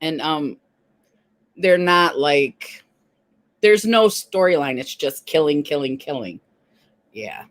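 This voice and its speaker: A woman's voice: deep voice, lively intonation, slow, long pauses, no room sound. Woman chatting on a live stream, voice bouncing up and down, says hi to viewers. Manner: chatty, greets viewers by name. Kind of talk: casual live-stream chat.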